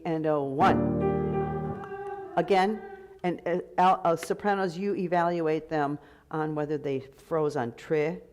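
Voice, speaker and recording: A woman's voice: deep voice, darkish tone. A woman directing a choir rehearsal. She gives direct commands and breaks into sung phrases to demonstrate. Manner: sings short phrases to demonstrate.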